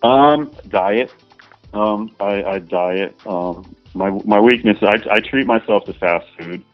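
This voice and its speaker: Man, deep voice, crude rambling interview talk, dry dull audio. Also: takes it slowly, no echo, soft background music. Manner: rambling, crude, peppered with "you know" and "man". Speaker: adult film performer guest.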